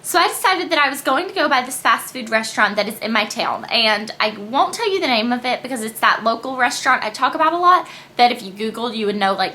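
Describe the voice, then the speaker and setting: Young female vlogger, high crisp voice, casual storytelling to camera, lively asides. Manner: chatty and animated, quick asides and quoted voices. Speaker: beauty vlogger.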